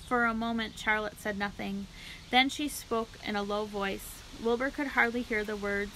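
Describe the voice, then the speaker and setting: A woman narrating a children's book aloud for a library read-aloud, in a clear, steady storytelling way. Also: medium pitch, moderate pace, a little hiss or hum, low-quality recording.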